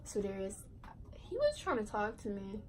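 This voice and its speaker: A woman's voice: medium pitch, wildly swooping pitch, normal speed, darkish tone, a little hiss or hum, low-quality recording. A teenage girl telling a casual storytime vlog, chatty and full of fillers and asides. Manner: chatty, lots of fillers and self-interrupting asides. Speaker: vlogger.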